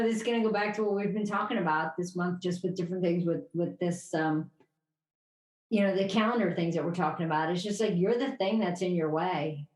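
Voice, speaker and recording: A woman's voice: medium pitch, a little mellow. A woman co-hosting a podcast in casual chat, telling stories in a rambling way with many restarts. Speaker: podcast co-host. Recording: roomy echo.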